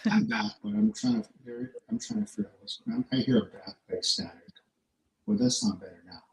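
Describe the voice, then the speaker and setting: A man hosting a casual live chat and reading viewer comments, with a soft, low, sultry late-night DJ sound and a distracted, stop-start way of talking. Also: huge pitch swings, brisk, gravelly. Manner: distracted, catching up, restarting sentences. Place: remote connection, away from the others. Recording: echoey remote line with static.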